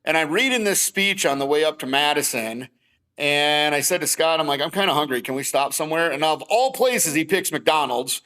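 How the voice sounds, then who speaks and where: Podcast guest, middle-aged man, bright and forceful tone, lively storyteller. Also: fairly high pitch, moderate pace, rough recording. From Wisconsin. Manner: animated storytelling, acting out both sides of conversations. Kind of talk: casual storytelling.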